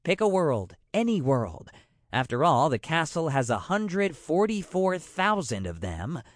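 A man performs a dryly witty, coaxing woman, pitching his voice fairly high, above his own natural range. The delivery is sing-song and measured, captured in clean studio sound with no room sound.

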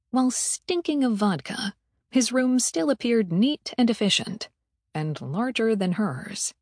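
A woman reading an audiobook aloud in an even, measured storytelling manner. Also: fairly high pitch, no echo, studio quality. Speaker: audiobook narrator. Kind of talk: scripted audiobook narration.

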